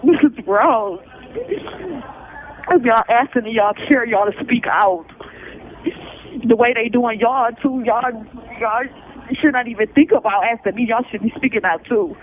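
On a tinny, faintly noisy phone call, a man with a very high voice appeals emotionally for public support. He speaks at a measured pace and pauses often, sounding exhausted and pleading, with nervous laughs between his words.

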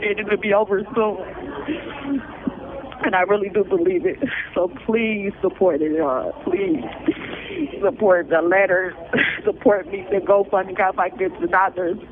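A man's voice: high-pitched, a little slow, pauses often. A man making an emotional appeal for support, exhausted and pleading, with nervous laughs between his words. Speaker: person pleading for public support. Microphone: phone call. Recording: tinny phone line, faint noise.

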